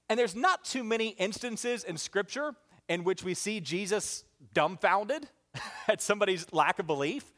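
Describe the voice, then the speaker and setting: A man preaching a sermon, swinging between loud calls and hushed lines, and asking the congregation to say the words with him. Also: high voice. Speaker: pastor.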